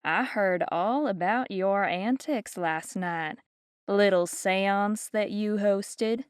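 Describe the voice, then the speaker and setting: A woman's voice: mid-range voice, slow pace, clean tone, no room sound, clean studio sound, natural voice. A woman voicing a haughty, ageless witch with a thick Southern accent and a cold, condescending drawl. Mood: frosty.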